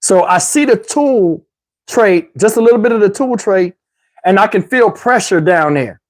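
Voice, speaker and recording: A man telling a wild personal story in a casual, animated, slangy way, swearing freely. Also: sits high, moderate pace.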